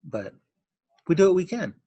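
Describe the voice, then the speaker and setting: A man's voice: sits high, very animated, normal speed, dark tone, no echo, lo-fi sound. Earnest middle-aged man, dry close sound. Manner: earnest, heartfelt, repeats words. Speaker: interview guest, notary signing agent. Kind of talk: emotional personal testimony.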